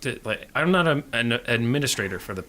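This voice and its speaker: A man's voice: mid-range voice, expressive, brisk, sharp tone. A man co-hosting a podcast, telling stories in casual joking banter and laughing often. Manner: laughs often, chatty storytelling. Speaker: podcast co-host.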